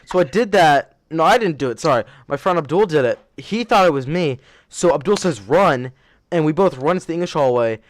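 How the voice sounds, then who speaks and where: A young man hosts a casual podcast, telling a long story in a loose, rambling way and correcting himself as he goes. His voice sits a little high for a man. The sound is dry and close. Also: expressive, quick pace, hardly any pauses, dry recording. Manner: rambling, self-correcting, laughs while telling stories. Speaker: podcast host.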